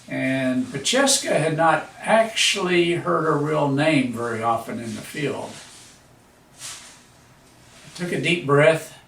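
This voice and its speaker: A man's voice: fairly high pitch, vocal fry, a bit bright. A man in his seventies, a veteran, reading his own memoir aloud in a dry, understated storytelling manner. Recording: echoey room, voice a bit far from mic.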